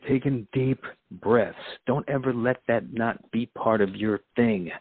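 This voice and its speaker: A man's voice: medium pitch, a little slow, husky, dry recording. Profane, preachy man on a lo-fi line. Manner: profane, laughs often, preachy. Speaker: podcast host. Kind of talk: rambling monologue. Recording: phone-like lo-fi sound, dry.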